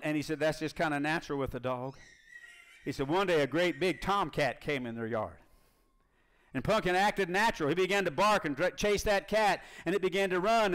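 Man, pastor mid-sermon. Slightly raised pitch, slow drawn-out emphasis on scripture.

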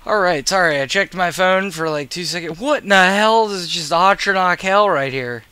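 A man's voice: high voice, moderate pace, sharp tone, smooth, no echo. A tired man, grumbling and swearing through casual gameplay commentary. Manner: profane, grumbling, sarcastic. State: tired and yawning. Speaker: gaming video creator.

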